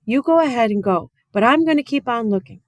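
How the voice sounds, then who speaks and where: A woman's voice: on the high side, animated, brisk, no room sound, studio quality, pitched above the performer's own voice, lightly acted. A woman voicing a spirited, stubborn young girl who talks in a raised, emphatic way. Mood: pleading.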